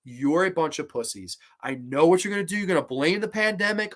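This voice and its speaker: A man's voice: fairly high pitch, animated, a little fast, hardly any pauses. A man hosting a horror movie show, ranting heatedly and profanely in a casual livestream and breaking into laughter as he reads viewer comments.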